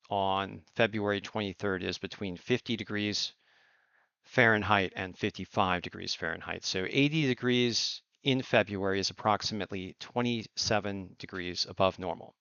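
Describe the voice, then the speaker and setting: Earnest man with a bright, dry voice. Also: lowish voice, smooth, no echo. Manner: earnest, emphatic, deliberate phrasing. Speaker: host of a surf and climate report. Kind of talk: impassioned spoken commentary. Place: Outer Banks coast. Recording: dull lo-fi recording.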